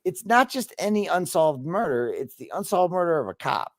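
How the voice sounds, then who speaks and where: In a relaxed video-call conversation, a man recounts a tale with plenty of cursing, telling it with real energy. He has a fairly high voice, speaks at a moderate pace, and there's no echo.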